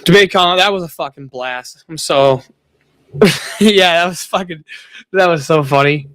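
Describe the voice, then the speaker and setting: A man's voice: fairly high pitch, unhurried, a bit bright, dry recording. A young man streaming, telling a profane party story with frequent laughter. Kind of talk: casual chat.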